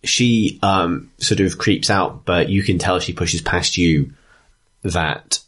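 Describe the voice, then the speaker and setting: A man's voice: low-pitched, slow pace, fairly bright tone, a little hiss or hum. A man narrating as game master of a tabletop game, hesitant with many ums.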